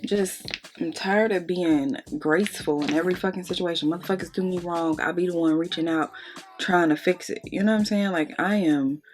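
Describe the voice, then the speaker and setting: A woman's voice: lowish voice, brisk, soft background music. A young woman vlogger talking candidly during a makeup tutorial, blunt and profane, venting and close to tears. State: on the verge of tears. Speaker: beauty vlogger.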